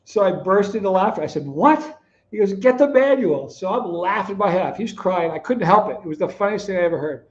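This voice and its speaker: A middle-aged man hosting a live stream, reading chat comments aloud, teasing viewers by name and telling stories in a relaxed, chatty way. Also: sits high, fast talker, hardly any pauses, highs cut off. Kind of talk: casual chat.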